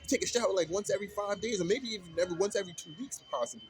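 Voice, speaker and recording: A man's voice: high voice, rapid-fire, soft background music. A man ranting heatedly in a casual vlog, retelling an argument in colloquial speech.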